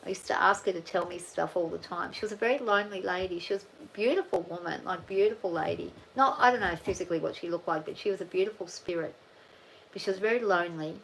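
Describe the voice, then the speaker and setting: Speaking on the low side, a middle-aged Australian woman from a farm channel chats and rambles with her livestream audience, thinking aloud and restarting often. The recording is low quality, with a little hiss or hum.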